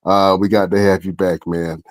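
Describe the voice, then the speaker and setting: A man's voice: sits low, level tone, moderate pace. A man hosting a wrestling podcast, chatting casually and enthusiastically with slangy talk and easy laughter. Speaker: podcast host. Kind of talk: casual interview chat.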